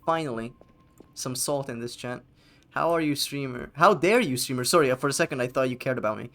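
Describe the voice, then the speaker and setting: A man's voice: mid-range voice, a little fast, fairly bright tone. A man streaming a game live, chatting casually and sarcastically with his chat and swearing freely. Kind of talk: casual live gameplay commentary.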